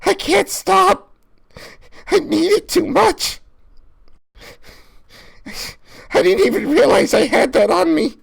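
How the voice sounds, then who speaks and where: A woman playing a grieving young man, halting and tearful. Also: sits high, expressive, gravelly, a little mellow, husky, full character voice. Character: young man addicted to a drug, grieving, desperate. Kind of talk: tabletop role-play voice acting.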